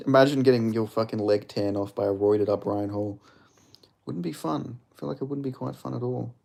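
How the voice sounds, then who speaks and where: A man's voice: mid-range voice, normal speed, creaky, a little mellow. A young man hosting a fight watch-along stream, chatting casually, swearing and joking with viewers. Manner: swears often, jokes with chat, laughs a lot. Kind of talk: casual live-stream chat.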